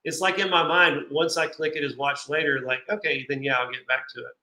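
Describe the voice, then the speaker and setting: Bright-voiced man, echoey room. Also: fairly high pitch, fairly even intonation, fairly quick. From Texas. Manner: chatty, restarts often. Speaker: stream guest. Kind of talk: casual chat.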